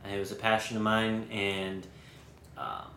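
Low-voiced laid-back man, echoey room. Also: animated, moderate pace, creaky, pushed and bright, slight background noise. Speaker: podcast co-host. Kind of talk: casual podcast chat.

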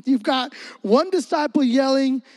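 A man preaches a sermon with a very high voice. His delivery is animated and comedic, and he acts out the scenes in his stories. The recording is close and dry, with no room sound. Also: unhurried, no room sound. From Florida.

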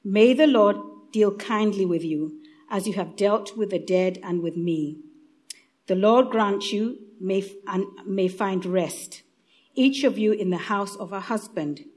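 A woman's voice: medium pitch, a little slow, darkish tone, close to an everyday voice. A woman with an East African accent voicing an aging widowed woman within a scripture reading, in an earnest manner. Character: aging widowed woman pleading with daughters-in-law.

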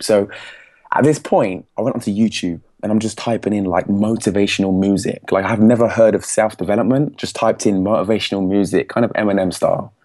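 Lively young Englishman telling his story. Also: on the low side, a little fast. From England. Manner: animated, laughs often, quotes others in put-on voices. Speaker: podcast guest, speaking coach. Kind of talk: casual storytelling.

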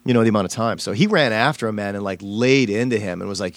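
A man's voice: on the low side, fast, dry recording. A man, a stand-up comedian, telling a personal story in a casual interview, rambling with many fillers and restarts.

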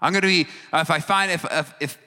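Bright-voiced joking man, hall reverb. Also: on the high side, steady tone, fairly quick. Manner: joking, acts out reactions, stumbles over long words. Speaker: youth speaker. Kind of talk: casual talk to a teen audience.

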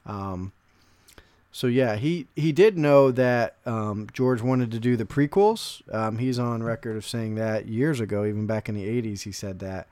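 A man hosting a casual podcast chat, reading interview quotes aloud in a self-described monotone voice. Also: mid-range voice, measured pace, dry recording. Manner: reads quotes aloud, calls his own voice monotone. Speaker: podcast host.

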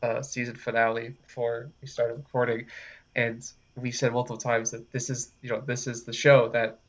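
Podcast co-host, man, dry halting delivery, muffled lo-fi sound. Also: medium pitch, level tone. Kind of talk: casual chat.

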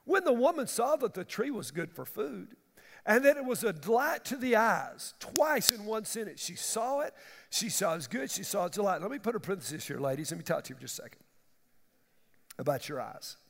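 A man's voice: high-pitched, big pitch swings, a little fast, creaky. A middle-aged man, preaching a sermon in an emphatic, folksy way and asking the congregation questions. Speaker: pastor. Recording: reverberant hall.

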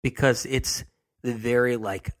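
A man's voice: mid-range voice, steady tone, measured pace. A man hosting a health show, talking emphatically and repeating his key phrases over and over.

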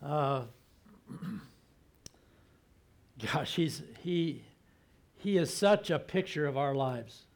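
A man preaching a sermon like he is telling a story to friends, acting out the people in it. His voice sits a little high for a man. He often slows down and drops to a soft, hushed tone to drive a point home. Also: animated, vocal fry. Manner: conversational storytelling, acting out quotes. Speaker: pastor.

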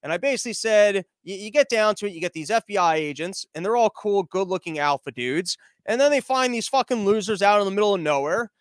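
Male podcast host, high voice, sarcastic and loud, slightly out of breath, dry sound. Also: animated, quick pace, few pauses, no room sound. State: out of breath from pacing and yelling. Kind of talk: live-streamed podcast rant.

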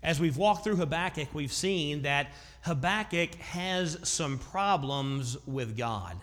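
A man preaching a sermon as pastor, growing loud and intense when he voices prayers. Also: on the high side, lively intonation, slow, long reverb tail.

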